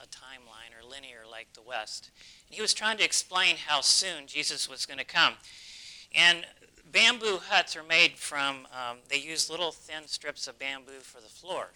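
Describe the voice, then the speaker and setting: A man's voice: mid-range voice, sharp tone, clean tone, poor audio. A man preaching a sermon, telling stories in an earnest way. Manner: earnest storytelling.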